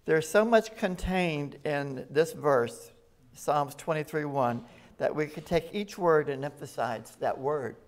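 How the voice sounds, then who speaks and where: A man's voice: on the high side, takes it slowly. Man preaching a sermon. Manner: conversational preaching, reads scripture aloud with rising emphasis. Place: rescue mission chapel.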